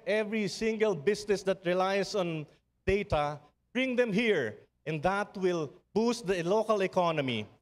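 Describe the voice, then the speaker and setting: A man with a Filipino accent and a fairly high voice gives a passionate speech to an audience, throwing out rhetorical questions and hammering home repeated phrases. He stumbles and restarts now and then. His voice rings out with the long reverb of a large hall. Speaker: speaker at a public forum. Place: event venue with an audience.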